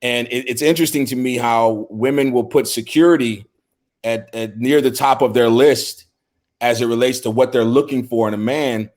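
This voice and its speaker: A man's voice: mid-range voice, fairly even intonation, normal speed, darkish tone. A middle-aged man co-hosting a podcast, talking earnestly and from the heart, often restarting his words. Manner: earnest, heartfelt, with frequent repeated starts. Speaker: podcast co-host. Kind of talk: casual discussion.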